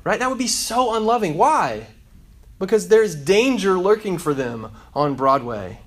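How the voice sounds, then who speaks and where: Male pastor, sermon, storytelling, soft-voiced quotes. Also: high voice, sing-song, a little slow.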